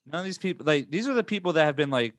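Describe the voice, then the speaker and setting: A man chatting casually about online gaming as podcast host, animated and swinging up in pitch when he rants. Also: very fast, crowd noise.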